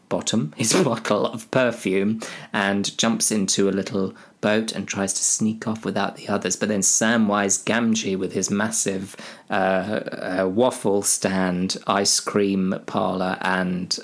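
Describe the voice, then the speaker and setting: Male storyteller, rambling and self-mocking, lots of ums. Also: on the low side. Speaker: comedic storyteller. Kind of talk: rambling comic plot retelling.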